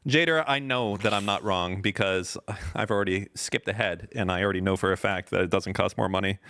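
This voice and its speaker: A man's voice: sits low, a little fast, fairly bright tone. A man co-hosting a podcast, arguing his point in casual debate, insistent and emphatic, swearing often. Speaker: podcast co-host.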